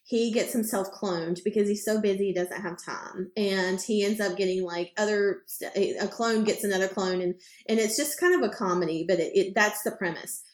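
A woman's voice: mid-range voice, steady tone, moderate pace, few pauses. Female podcast co-host, mid-range voice, loose and chatty, fillers and swearing, roomy sound. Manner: rambling, chatty retelling with lots of "like" and casual swearing. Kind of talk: casual chat.

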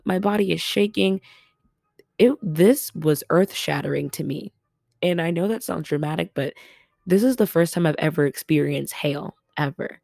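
A young woman from Los Angeles hosting a casual solo podcast from her family home, chatty and quick to laugh and exclaim. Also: sits low, vocal fry, a little mellow, no echo, clean studio sound. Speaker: podcast host.

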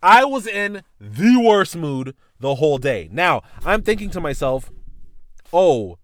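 A man's voice: fairly high pitch, takes it slowly, dry recording, studio quality. A man hosting a podcast, telling a childhood story in a casual, profane way. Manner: animated, profane, voices his teacher and mom in retelling. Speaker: podcast host.

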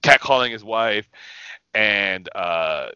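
A man with a bright, forceful voice rants heatedly and swears freely, hammering his points home. His voice sounds close and dry, slightly dull in tone, as in a casual podcast. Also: on the low side, lively intonation, slow, clear, resonant tone, no echo. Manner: heated, profane, emphatic. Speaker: podcast co-host. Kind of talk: casual profane rant.

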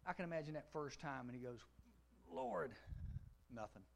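A middle-aged man preaching a sermon to a youth audience, telling the story with animation and acting out dialogue, swinging from loud to hushed. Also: medium pitch, quick pace. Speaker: pastor. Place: large room before a youth audience.

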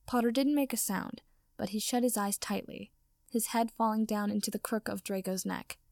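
Gravelly woman reading a story. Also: medium pitch, moderate pace, no echo, studio quality. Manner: steady storytelling narration. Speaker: audiobook reader. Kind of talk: fan fiction reading.

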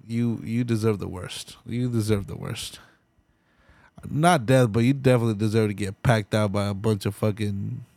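A man's voice: fairly low pitch, darkish tone, dry recording. A man hosting a solo podcast, ranting in a heated, profane way and slipping into mocking voices. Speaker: podcast host.

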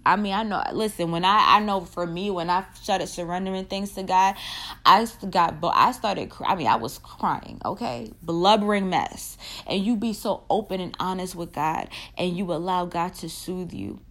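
A young woman with a slightly low voice gives an earnest faith talk. She leads a spoken prayer, repeats her key phrases and lets her excitement break through. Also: normal speed. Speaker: Christian women's marriage speaker.

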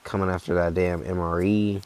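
A man's voice: low-pitched, flat delivery, brisk, darkish tone. A young man telling a hiking story in a laid-back, rambling, profane way. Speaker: hiker. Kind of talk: casual storytelling.

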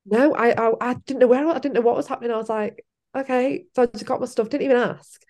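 A woman's voice: a little high, fairly even intonation, fast talker, a little mellow. A young woman, telling her own story in a casual interview, laughing often and acting out what she said back then. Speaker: podcast guest.

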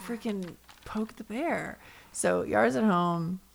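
A woman's voice: medium pitch, slow pace, vocal fry. A woman co-hosting a podcast, recapping a show in casual chat with a giggly, rambling way of telling stories. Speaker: podcast co-host.

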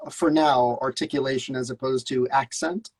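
A man's voice: medium pitch, fairly even intonation, normal speed. A man co-hosting a lesson, taking the student role, talking in an upbeat and agreeable way. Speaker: co-host acting as student. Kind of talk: casual chat.

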